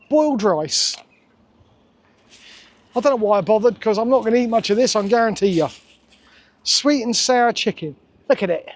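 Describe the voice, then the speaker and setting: A man reviewing takeaway food in a casual vlog, sarcastic and exasperated. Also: sits high.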